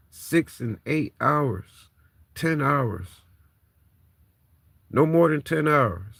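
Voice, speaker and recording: Medium-pitched with vocal fry and a slightly bright tone, this man's voice carries no room sound. He's a vlogger in his thirties, swearing while he vents raw distress and frustration at the camera, emotionally spent and about to cry.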